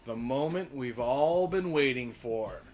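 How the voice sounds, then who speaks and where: A man's voice: medium pitch, lively intonation, unhurried, a little mellow, soft background music. A young man co-hosting a casual podcast, ranting and swearing hotly as he recaps a TV episode. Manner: heated, profane, ranting. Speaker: podcast co-host.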